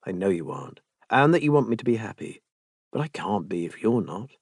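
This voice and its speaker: A man's voice: very animated, fairly quick, no room sound. A man voicing a wry, blunt young man. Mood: quiet. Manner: low-key, dry, coarse banter. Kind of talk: audiobook character voice.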